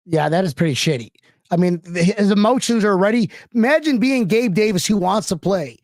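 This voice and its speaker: Brief: male stream host, loose rambling sports talk, high voice, dry close sound. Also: expressive, a little fast, a little mellow, no room sound. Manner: loose, rambling, profane, chatty with viewers.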